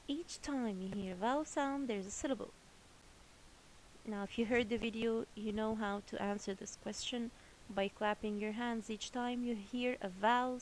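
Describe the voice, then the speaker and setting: A woman's voice: on the high side, slight background noise, low-quality recording. A woman teaching a children's English lesson, patiently repeating each word twice.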